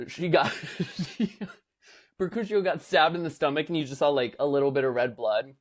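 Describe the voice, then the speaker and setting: A young man co-hosting a casual podcast, telling a lively story with lots of fillers and acting out what people said. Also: on the high side, moderate pace. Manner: animated storyteller, acts out quotes in voices, many fillers. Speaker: podcast co-host.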